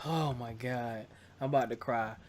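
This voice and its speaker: A man's voice: medium pitch, normal speed, darkish tone. A man hosting a podcast in casual chat, joking and bantering playfully. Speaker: podcast host.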